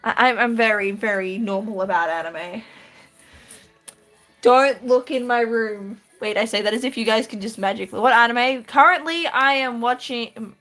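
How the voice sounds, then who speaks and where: A woman's voice: a little high, normal speed, bright, forceful tone, soft background music. A woman from Australia with an Australian accent, live-streaming from her room and chatting casually with her viewers, laughing lightly as she answers. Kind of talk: casual live-stream chat while drawing.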